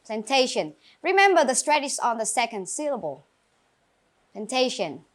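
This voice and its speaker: A woman with a Vietnamese accent leads an English class, her voice high and bright in pitch. She calls on students by name, drills new words and encourages them clearly. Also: very animated, fast. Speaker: English teacher. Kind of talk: classroom grammar lesson.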